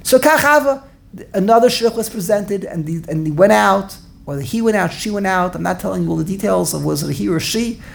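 Animated woman telling a lesson story. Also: mid-range voice, fairly quick, vocal fry. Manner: animated, repeats herself, laughs while telling. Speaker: teacher leading a study class.

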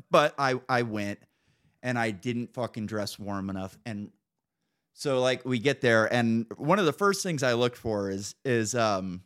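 A man's voice: medium pitch, expressive, unhurried, a bit bright, clear, resonant tone. A man hosting a podcast in casual chat, telling loose, profane stories. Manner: loose, profane storytelling with laughs. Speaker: podcast host.

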